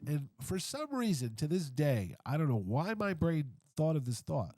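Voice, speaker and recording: A man's voice: a little high, normal speed, few pauses, no room sound. A middle-aged man as a podcast guest, telling a story casually and acting out the voices of everyone in it. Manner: animated, acts out everyone's voices. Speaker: comic convention founder, podcast guest.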